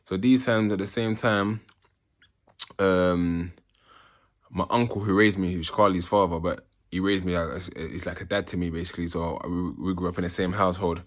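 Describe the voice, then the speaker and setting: A man telling an emotional personal story as an interview guest, halting and often repeating words as he restarts. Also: low voice, steady tone.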